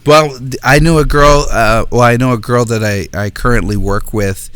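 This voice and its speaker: A man co-hosting a podcast in casual chat, easygoing and quick to laugh. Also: mid-range voice, fairly even intonation, a bit bright, smooth. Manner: easygoing, laughs often, supportive replies. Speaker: podcast co-host.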